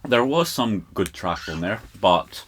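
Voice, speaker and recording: Scottish male co-host, deep voice, blunt casual banter. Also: big pitch swings, a little slow, fairly bright tone, slight background noise. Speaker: podcast co-host. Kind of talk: casual chat.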